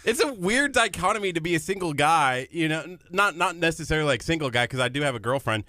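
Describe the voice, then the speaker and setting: Lively bright-voiced young radio co-host man. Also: a little high, quick pace, dry recording, clean studio sound. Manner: animated storyteller, ranting in jest. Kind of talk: casual morning radio banter. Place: radio studio.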